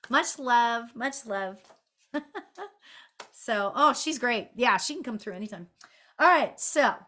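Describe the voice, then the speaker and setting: A middle-aged woman medium talking through a live online reading in a chatty, sing-songy way. Her voice sits a little high, and she laughs easily and fills her talk with likes and okays. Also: a bit bright. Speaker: spiritual medium.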